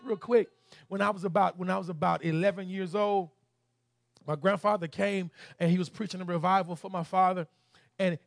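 A man with a Southern US accent preaching a sermon. He shouts scripture, then tells a story in a softer, halting voice. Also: high voice, no echo, studio quality. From Southern United States.

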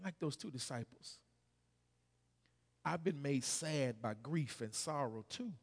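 A man preaching a sermon as pastor, calling on the congregation to respond and building to shouted climaxes. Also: medium pitch, lively intonation, slow pace, husky. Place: church sanctuary. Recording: long hall reverb.

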